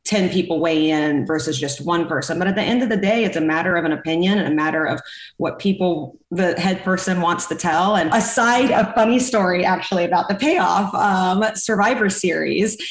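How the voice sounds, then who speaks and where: A woman in her thirties, a former pro wrestler, telling animated stories in a casual interview and acting out what people said. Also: on the low side, moderate pace. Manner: animated, acts out quoted people. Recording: roomy echo.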